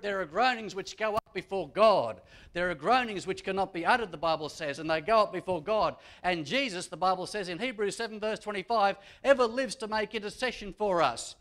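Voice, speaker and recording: A man preaching from the pulpit in a fairly high voice. He is a pastor who repeats his key lines and lets his delivery swell for emphasis. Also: a bit bright. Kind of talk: sermon. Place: church.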